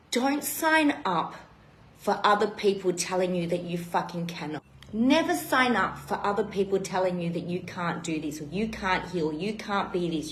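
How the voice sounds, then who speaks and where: Woman, raw and emotional, swears freely, middle pitch, echoey room. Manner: emotional, blunt, heavy swearing. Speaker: retreat host. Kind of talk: live-streamed personal talk. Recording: roomy echo.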